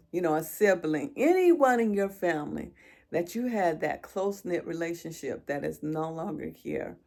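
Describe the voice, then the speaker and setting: In a deep, gravelly, slightly mellow voice, a middle-aged vlogger talks to her viewers from the heart. The chat is emotional, and she stops and restarts as she goes.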